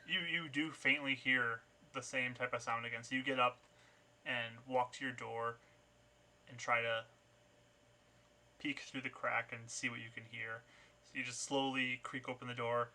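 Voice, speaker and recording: A man's voice: medium pitch, steady tone, normal speed, sharp tone. A man narrating a tabletop game as game master, describing scenes with many small restarts. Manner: descriptive, with frequent fillers and restarts.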